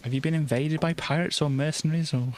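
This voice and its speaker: A woman's voice: sits low, fairly even intonation, fast, a little mellow, poor audio. A woman streaming a game, chatting casually and giggling as she reads item names aloud. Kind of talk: casual gameplay chat.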